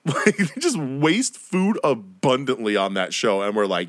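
A man's voice: sits low, expressive, normal speed, no room sound, studio quality. A young man ranting on his own podcast, rambling and profane, laughing and mocking people in silly voices. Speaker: podcast host. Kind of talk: solo podcast rant.

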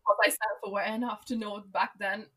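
A young woman co-hosting a casual chat, talking fast with lots of "like" and frequent laughs. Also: medium pitch, fairly even intonation, sharp tone, husky. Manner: chatty, laughs often, many likes and fillers. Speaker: podcast co-host.

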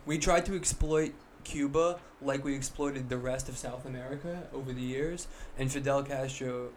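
A man in casual podcast chat, excitable and slangy, often repeating words as he talks. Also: medium pitch, moderate pace, slight background noise.

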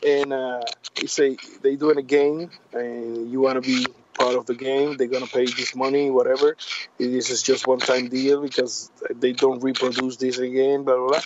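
A man from Puerto Rico, a native Spanish speaker with a Puerto Rican accent, talking in a casual interview in halting, repetitive English. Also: medium pitch, level tone, dull audio, background noise. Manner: halting, repeats words, drops grammar. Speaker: guest.

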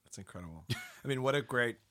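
A man's voice: mid-range voice, expressive, a little fast, sharp tone, a little hiss or hum. A male podcast host giving short, agreeable replies in a casual interview.

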